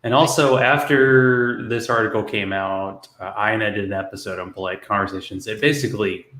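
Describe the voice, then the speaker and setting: A man co-hosting a casual podcast, rambling and hedging, with soft laughs. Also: on the low side, steady tone, fairly quick. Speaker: podcast co-host. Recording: echoey room.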